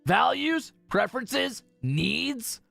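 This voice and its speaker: A man streaming a game in casual commentary, reading game text aloud with excited asides. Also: very high voice, drawn-out words, creaky, soft background music.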